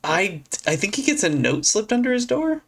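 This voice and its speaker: Podcast cohost with a gravelly fry in the voice, laughs a lot, casual banter. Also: medium pitch, very animated, a bit bright. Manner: laughs often, quick asides. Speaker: podcast co-host. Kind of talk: casual chat.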